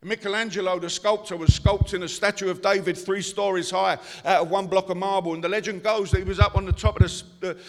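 A pastor preaching a sermon, building up to shouts and asking the congregation questions. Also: male voice, sits high, steady tone, fast talker, few pauses. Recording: long hall reverb.

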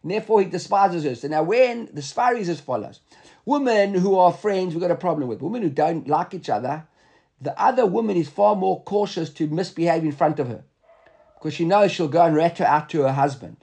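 Male Talmud teacher, quick and raspy, reads the text then explains it, halting delivery. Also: a little high, animated, dark tone. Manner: reads the Hebrew text aloud and then explains it in English, hesitant. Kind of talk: Talmud study lesson.

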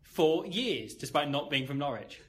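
A man's voice: fairly high pitch, expressive, moderate pace, a bit bright. A young man, co-hosting a podcast, reading quotes aloud with wry asides. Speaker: podcast co-host. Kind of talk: casual banter, reading out quotes.

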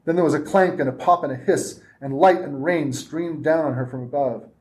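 A man reads his own fiction aloud in a steady, measured way at a convention reading. His voice sits slightly high for a man.

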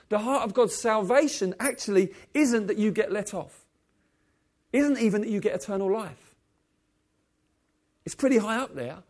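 A man preaching a sermon, swinging from loud exclaiming passages to soft, low, intimate ones and asking the congregation questions. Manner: asks the congregation direct questions.

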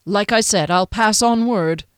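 A kind, courteous young dispatch rider in a storybook, speaking with gentle sympathy, as a woman narrator reads him. The sound is dry and close, in a mid-range voice. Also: mid-range voice, a little slow, clear, resonant tone, no echo, lightly acted.

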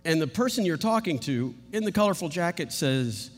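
A man's voice: a little high, sing-song, brisk, hardly any pauses. A man preaching a sermon as pastor, earnest and prone to repeating words as he restarts. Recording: long hall reverb.

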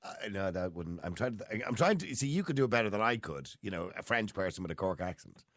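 A man's voice: deep voice, animated, quick pace, fairly bright tone, dry recording, clean studio sound. A man hosting a radio chat, jokey and laughing easily. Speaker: radio host.

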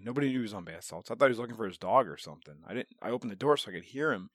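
A man's voice: medium pitch, racing, few pauses, dry recording, clean studio sound. A man in casual podcast chat, telling stories with lots of swearing and laughter. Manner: animated storyteller, swears a lot, laughs often.

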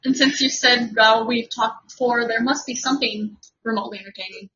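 A woman's voice: fairly high pitch, fairly even intonation, a little fast, bright, forceful tone, echoey room. A woman co-hosting a casual podcast chat and asking wry follow-up questions. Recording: dull lo-fi audio.

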